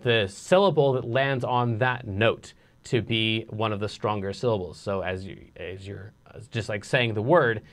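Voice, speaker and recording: A man teaching a casual songwriting lesson, explaining in a relaxed way with lots of fillers. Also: on the low side, measured pace.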